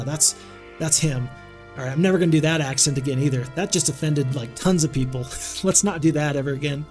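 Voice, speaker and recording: A man's voice: a little high, brisk, darkish tone, soft background music. Upbeat game streamer, a man thinking aloud. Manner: upbeat, thinks aloud while greeting chat. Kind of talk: live-streamed gameplay commentary.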